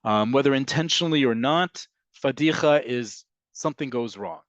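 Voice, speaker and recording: Casting: male teacher, mid-pitch, explanatory and chatty, lecturing over a video call with muffled, dry audio. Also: normal speed, dry recording. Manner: explanatory, frequent ums and checks with "right?". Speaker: Hebrew teacher. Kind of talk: online class lecture.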